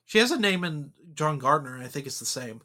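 Guy on a film podcast, bright voice, pretty opinionated, gets animated about the movie. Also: on the high side, brisk. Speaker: podcast co-host. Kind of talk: casual film discussion.

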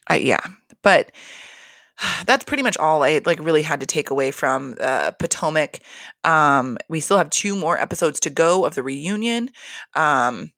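A woman's voice: low voice, expressive, brisk, a bit bright, no room sound. A woman hosting a casual reality TV recap, talking bluntly with constant swearing and exasperated rants. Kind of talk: casual profane recap chat.

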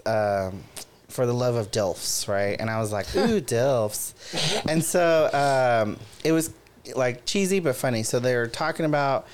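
A man in casual chat, retelling a story with lively quoted voices. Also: medium pitch, a little slow. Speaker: podcast co-host.

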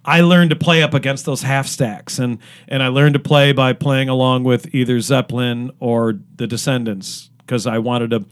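A man's voice: medium pitch, fairly even intonation, moderate pace, hardly any pauses, clear, resonant tone. A middle-aged man from Cleveland, a guest musician telling long stories in a casual interview, full of fillers and restarts. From Cleveland, Ohio. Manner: rambling with many fillers and restarts.

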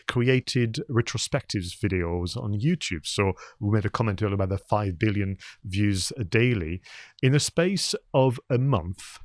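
Low-voiced man chatting on a podcast. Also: no room sound, clean studio sound. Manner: chatty, many fillers and restarts. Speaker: podcast co-host. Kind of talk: casual podcast chat.

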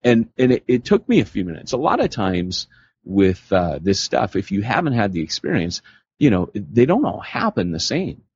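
A man co-hosting a podcast, telling stories in a casual, animated way and slipping into voices for the people he quotes. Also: on the low side, normal speed, slight background noise. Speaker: podcast co-host. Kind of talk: casual storytelling conversation. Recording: dull lo-fi podcast audio.

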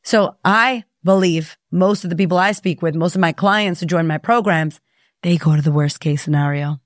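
A woman in her thirties hosting a motivational podcast as a confidence coach, speaking in an energetic, direct and profane way. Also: fairly low pitch, normal speed, dry recording, clean studio sound. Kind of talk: casual motivational podcast talk.

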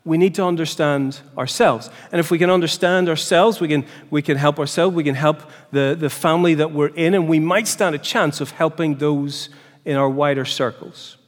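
Guy teaching a church seminar, kinda high voice, lots of echo from a big hall. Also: normal speed. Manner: lively, questioning the audience, many restarts. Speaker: seminar speaker. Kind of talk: teaching talk. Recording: long hall reverb.

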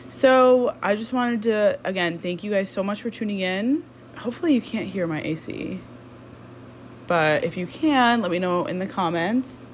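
A woman in her twenties hosts her own podcast at home, talking in an easy, unhurried, rambling way. She is candid and casual, full of ums and sudden asides. A faint room ambience sits behind her voice. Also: medium pitch, a little hiss or hum. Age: 20s. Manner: rambling, candid, with frequent ums and self-interruptions. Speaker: podcast host. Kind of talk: casual solo podcast chat. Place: indoors at home.

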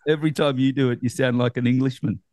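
A man's voice: medium pitch, fairly even intonation, fast, a little mellow, dry recording. A middle-aged man with an Australian accent, hosting a podcast in casual, rambling chat full of fillers and easy laughs. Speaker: podcast host.

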